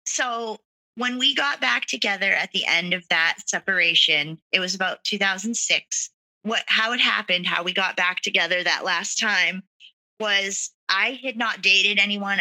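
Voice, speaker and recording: Very bright-voiced woman telling her story. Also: fairly low pitch, rough recording. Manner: frank, conversational, with nervous laughs; casual fillers like "like" and "you know". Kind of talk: candid personal storytelling.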